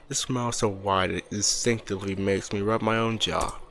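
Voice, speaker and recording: A man's voice: on the low side, steady tone, brisk, hardly any pauses, a bit bright, soft background music. A man casually reading a story aloud, making restarts and joking asides. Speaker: story reader.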